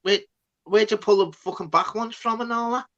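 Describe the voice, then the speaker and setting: A man hosts a live online chat in a fairly high voice. He rambles and gets excitable, and he swears constantly as he tells his stories. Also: normal speed, highs cut off. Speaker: host of a live stream chat. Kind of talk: casual banter.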